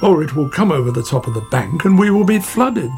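A man's voice: on the high side, big pitch swings, a little fast, creaky, darkish tone, faint music behind. A man voicing a chatty, friendly male otter in a storybook reading.

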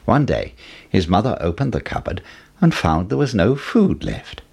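A man narrating a fairy tale in an expressive storytelling manner. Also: on the low side, normal speed, gravelly, slightly rough.

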